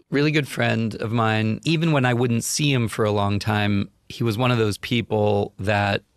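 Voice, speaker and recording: Guesting on a talk show, a man with a lowish voice spins a lively podcast anecdote, acting out its characters with animation. The audio is studio quality, with no room sound.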